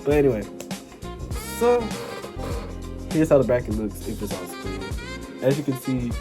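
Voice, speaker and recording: A young man giving casual, rambling commentary over his football video game, often saying "y'all" and "anyway", and getting excited over goals. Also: lowish voice. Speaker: gaming YouTuber. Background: background music.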